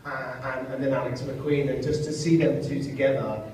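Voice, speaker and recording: A man, an actor on a convention panel, telling comic anecdotes in an animated way. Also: mid-range voice, moderate pace, a little hiss or hum. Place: large convention hall. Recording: echoey hall, distant from mic.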